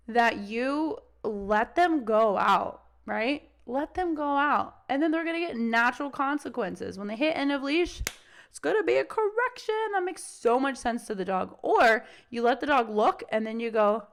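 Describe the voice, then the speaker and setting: A woman's voice: a little high, lively intonation, unhurried. A young adult woman dog trainer talking casually on a podcast, swearing freely and acting out the voices of dogs and owners.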